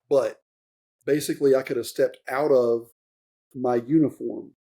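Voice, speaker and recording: This podcast guest, a retired warrant officer in his fifties, has a mellow mid-range voice. His interview storytelling wanders, loaded with fillers and restarts, and he is sincere and openly emotional.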